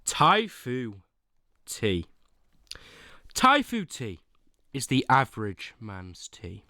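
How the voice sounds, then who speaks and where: A man's voice: mid-range voice, wildly swooping pitch, drawn-out words, pushed and bright, no room sound, clean studio sound. A young man streaming casual chat, ranking teas with whiny pleading and sudden dramatic outbursts.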